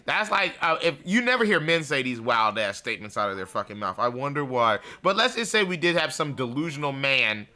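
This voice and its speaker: Sharp-toned man ranting bluntly. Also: medium pitch, animated, a little fast, few pauses. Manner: blunt, profane, mocking, laughs at his own jokes. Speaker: show host. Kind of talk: ranting livestream monologue.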